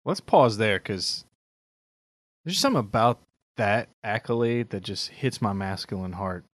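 A man's voice: fairly low pitch, lively intonation, measured pace, no room sound. A man co-hosting a podcast in casual, easygoing chat. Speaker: podcast co-host.

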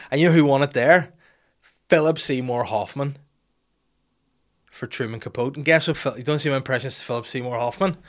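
A man rants through a comedic monologue in an ordinary middle-pitched voice. He is irreverent and sweary, chuckling at his own jokes as he goes. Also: a little fast, fairly bright tone. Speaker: host.

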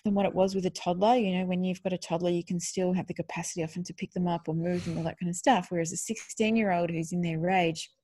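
A middle-aged woman co-hosting a podcast, talking earnestly in casual conversation and growing animated when enthused. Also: lowish voice, quick pace, hardly any pauses, no echo. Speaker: podcast co-host.

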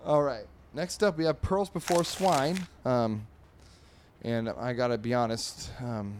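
A man's voice: fairly low pitch, slight background noise. A man hosting a comedy podcast, reading and reviewing newspaper comic strips in a rambling, wry way with many fillers and restarts. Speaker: host.

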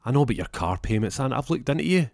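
A man's voice: mid-range voice, lively intonation, fast talker, gravelly, darkish tone, dry recording, studio quality, voice pushed up. A man voicing a self-important young detective who rambles off topic. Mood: pompous. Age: 20s.

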